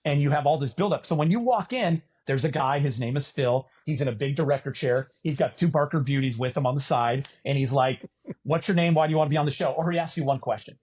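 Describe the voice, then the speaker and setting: A man in his fifties from California, an animated podcast guest telling stories, acting out quotes and swearing casually. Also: mid-range voice, brisk, hardly any pauses, slightly rough. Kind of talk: casual storytelling chat.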